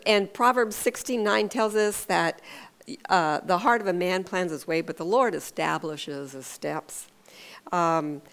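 A woman's voice: fairly low pitch, creaky, fairly bright tone. Earnest woman giving a casual devotional. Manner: earnest and conversational, with hesitant restarts. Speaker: devotional speaker. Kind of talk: informal devotional sermon.

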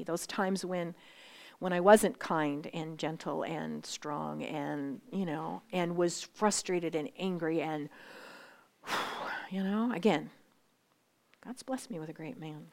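A woman in her sixties giving a faith talk to a live group, speaking in an animated, conversational way and often dropping to a whisper for emphasis. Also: fairly low pitch, measured pace, vocal fry. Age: 60s. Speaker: women's Bible study speaker.

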